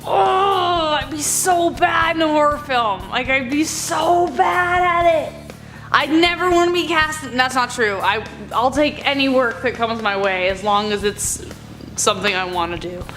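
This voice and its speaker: A woman's voice: sits high, normal speed, a bit bright. A woman reacting to scary video clips, with jumpy exclamations and chatty asides. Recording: music clearly playing behind.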